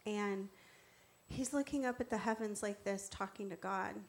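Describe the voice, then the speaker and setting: A woman and church co-founder sharing a personal testimony, telling her story earnestly with slides, reverent and animated in turn. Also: mid-range voice, normal speed.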